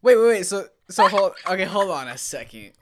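A woman's voice: mid-range voice, big pitch swings, fairly quick, noisy background. A young woman, a podcast co-host, reacting in casual chat with incredulous, swearing remarks and playful re-enactments.

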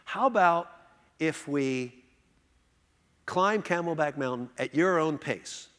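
A man's voice: fairly high pitch, animated, slow, a bit bright, big-room sound. A man doing an eager buddy, coaxing. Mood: encouraging. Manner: enthusiastic, coaxing. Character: upbeat male friend, eager hiking buddy.

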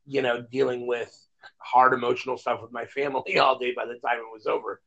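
A man with a gravelly voice speaks in a relaxed podcast chat. He hesitates often, filling gaps with ums and uhs as he reflects. The audio sounds dull and lo-fi. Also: mid-range voice, brisk. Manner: hesitant, many fillers, reflective. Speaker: podcast co-host. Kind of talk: casual chat.

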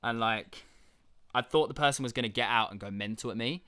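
Bright, clear-voiced young man. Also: medium pitch, fairly quick, dry recording. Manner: animated storytelling, swears freely, acts out quotes. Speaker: podcast co-host. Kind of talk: casual chat, storytelling.

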